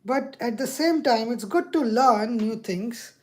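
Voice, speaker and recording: A woman hosting a casual chat, speaking slowly and repeating words. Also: on the high side, a little mellow. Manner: slow, drawn-out speech with repeated words. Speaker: video host.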